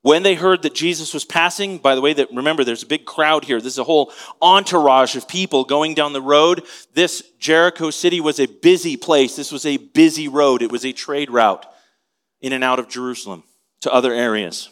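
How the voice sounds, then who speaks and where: A man's voice: on the high side, a little fast, fairly bright tone. A man preaching an expository sermon in a conversational way, asking his listeners questions as he teaches. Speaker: pastor.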